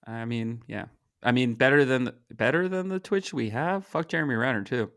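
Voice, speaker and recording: A man co-hosting a podcast, explaining a comic book's timelines in a chatty, halting way with restarts. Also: medium pitch, fairly bright tone. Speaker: podcast co-host. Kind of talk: casual comic book discussion.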